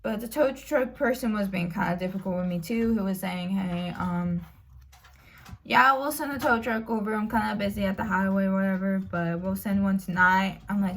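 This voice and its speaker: A woman's voice: mid-range voice, normal speed, fairly bright tone. Stressed young woman vlogging her story. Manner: rambling, stressed, swears freely, apologetic. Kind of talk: personal storytelling vlog.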